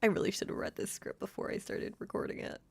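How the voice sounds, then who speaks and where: A woman voice actor giving casual behind-the-scenes comments, frank and self-mocking, swearing a lot. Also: fast.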